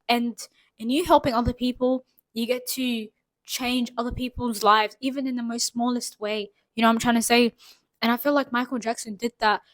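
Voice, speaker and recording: Speaking directly to her camera, this Saudi vlogger rambles through an earnest, casual pep talk full of fillers, side comments, "like," and "you know what I'm trying to say." Her voice sits a little high. The audio is low quality but has no echo.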